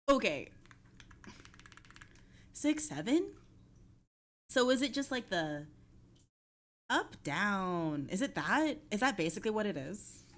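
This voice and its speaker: A woman's voice: mid-range voice, fairly bright tone. A young woman streaming, chatting casually with her viewers, swearing offhand and laughing often.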